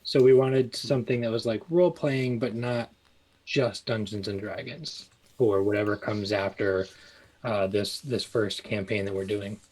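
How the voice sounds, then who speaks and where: Man, low-ish voice, rambling guest talking shop. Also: unhurried, poor audio. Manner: relaxed, rambling with many fillers and restarts. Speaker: guest, small clothing business owner. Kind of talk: casual interview chat.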